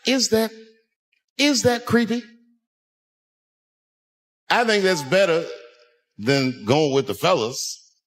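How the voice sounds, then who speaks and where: A man in his fifties doing a stand-up comedy routine, telling stories in an animated, punchy way. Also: medium pitch. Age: 50s.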